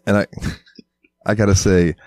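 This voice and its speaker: A young man co-hosting a podcast, chatting casually into a headset mic, telling animated stories with plenty of swearing. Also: on the low side, a little slow, no echo. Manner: animated storyteller, swears freely, slips into exaggerated voices. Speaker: podcast co-host. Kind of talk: casual chat.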